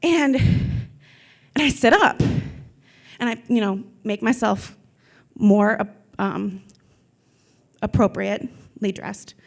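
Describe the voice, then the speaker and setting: A woman's voice: mid-range voice, slow, vocal fry, long pauses. A young woman telling a personal story at a live event in a chatty way, full of filler words. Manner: chatty, lots of filler likes.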